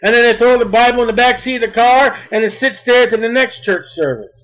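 A man preaching a sermon, reading scripture slowly and then speaking emphatically. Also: extremely high pitch, fairly bright tone, rough recording.

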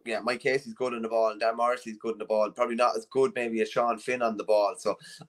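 Irish guy on a sports podcast, rambles and restarts a lot, mid pitch voice. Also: little pitch movement, fast talker. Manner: rambling, with many restarts and fillers. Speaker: co-host. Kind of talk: casual sports analysis chat.

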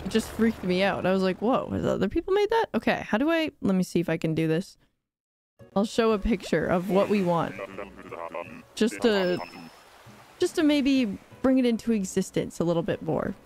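A woman's voice: medium pitch, sing-song, moderate pace, darkish tone. A young woman live-streaming a game, chatting casually in a bubbly, giggly, rambling way and reacting to chat.

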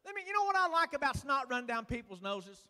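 A man preaching a sermon as pastor in a church, folksy and building to loud preaching with lots of "uh". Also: very high voice, very animated, quick pace. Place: church sanctuary. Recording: church hall reverb.

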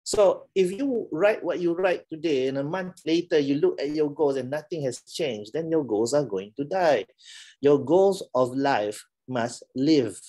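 A man's voice: a little high, expressive, unhurried, mellow. A middle-aged man with a Malaysian English accent, giving a playful, teasing classroom talk and laughing often. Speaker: lecturer.

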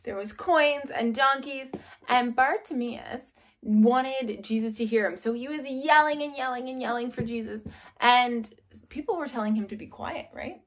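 A woman's voice: on the high side, normal speed, rough recording. A young adult woman leading a children's church lesson, reading a storybook aloud and asking the kids questions in an upbeat way. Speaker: children's ministry leader.

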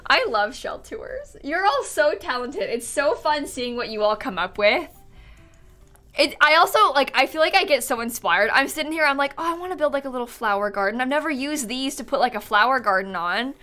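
A bubbly woman streamer chats her way through viewers' builds, her voice a little high and very bright. She sounds sleepy, yawning between lines, with faint music playing under her. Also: very animated, a little fast. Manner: bubbly, chatty, many "like"s. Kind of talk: casual live-stream chat.

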